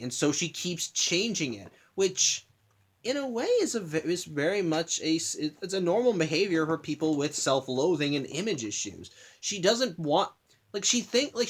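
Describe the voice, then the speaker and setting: A man's voice: high-pitched, fairly bright tone. A man hosting a casual spoken analysis of a cartoon episode at home, rambling, restarting sentences and apologizing for interruptions. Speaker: host.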